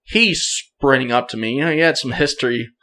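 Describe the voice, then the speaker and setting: A young man tells a story as a podcast guest, casual and animated. He acts out quoted lines and laughs often. His voice sits in an ordinary middle range. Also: medium pitch, fairly quick.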